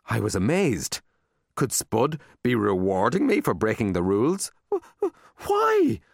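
Deep-voiced man reading a storybook. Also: moderate pace, creaky, no echo, clean studio sound. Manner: expressive, animated reading. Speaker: audiobook narrator. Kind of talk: storybook narration.

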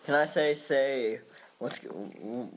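Excitable stammering game player. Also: mid-range voice, measured pace, very noisy. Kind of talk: casual tabletop play.

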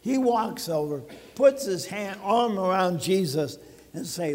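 A man's voice: sits high, very animated, slow pace, darkish tone, long reverb tail. A man pastor preaching a sermon to his congregation in a conversational way, putting questions to the listeners. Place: church sanctuary.

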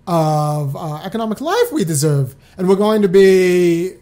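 A loose, chatty live-stream host who talks straight to the audience. The voice sits at a middling pitch, and the host keeps breaking off mid-sentence to start over. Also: expressive, a little slow, warm tone. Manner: chatty and loose, restarts often, speaks straight to viewers. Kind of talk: casual live-stream talk.

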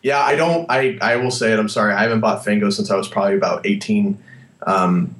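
A man's voice: on the low side, steady tone, quick pace, a bit bright. A man co-hosting a podcast, chatting casually and rambling with self-corrections. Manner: rambling, self-correcting, laughs at own attempts. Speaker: podcast co-host. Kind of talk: casual chat. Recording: roomy echo.

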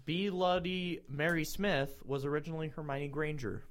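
A man reading fan fiction aloud for laughs, deadpan narration broken by incredulous swearing. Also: fairly high pitch, moderate pace. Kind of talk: comedic dramatic reading.

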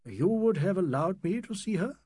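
A man reading an audiobook, voicing a reserved, even-tempered middle-aged Englishman who speaks in a measured way. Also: high voice, slightly rough, no room sound, clean studio sound, pitched above the performer's own voice.

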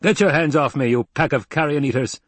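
A man's voice: mid-range voice, expressive, fast talker, no room sound, voice pushed up, lightly acted. A man voicing a growling, arrogant soldier officer. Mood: arrogant demanding. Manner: growling, curt and forceful. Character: arrogant, disdainful male imperial soldier officer. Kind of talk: audiobook character reading.

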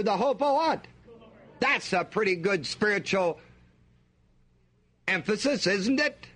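Animated high-voiced male preacher. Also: slow pace. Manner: emphatic, call-and-response questions to the congregation. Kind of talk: sermon.

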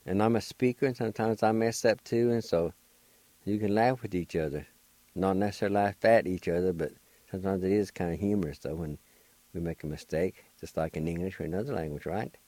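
A man's voice: sits low, fairly quick, dark tone, no echo. An older man with a Cherokee accent, hosting a radio language lesson and patiently spelling out words letter by letter. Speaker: language teacher and radio host.

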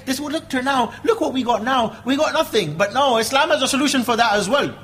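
A man's voice: extremely high pitch, fast, few pauses, a bit bright, husky. A man giving an impassioned religious lecture, emphatic and full of rhetorical questions and repeated phrases. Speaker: Islamic preacher.

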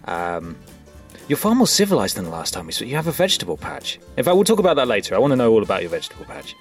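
A man's voice: medium pitch, huge pitch swings, racing, soft background music. A man hosting a podcast, chatting casually and dry in manner. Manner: dry, wry. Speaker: podcast host. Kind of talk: casual chat.

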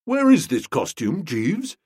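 A man's voice: on the high side, wildly swooping pitch, takes it slowly, darkish tone, breathy edge, no room sound, clean studio sound, pitched above the performer's own voice, full character voice. A man voicing an exuberant, brash young man who speaks in hearty, emphatic bursts. It is an audiobook reading.

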